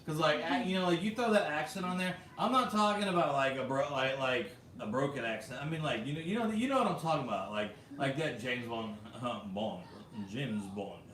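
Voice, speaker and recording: A man's voice: on the high side, lively intonation, fast, few pauses, a bit bright, recorded from a distance. An American man hosting a casual vlog, reading viewer comments in a chatty way with lots of fillers and laughs. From United States. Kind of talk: casual livestream chat. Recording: roomy echo, a bit off mic, faint background hum.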